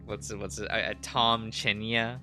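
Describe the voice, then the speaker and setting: A man's voice: on the low side, flat delivery, normal speed, pushed and bright, faint music behind. A man chatting casually on a stream while drawing, giggling often and rambling as he searches for words. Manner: giggly, laughs often between phrases.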